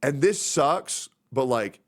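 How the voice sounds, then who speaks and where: A man's voice: lively intonation, slow. Man, 30s, streamer; casual, rambling, emotional. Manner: rambling, emotional, puts on high voices when quoting friends.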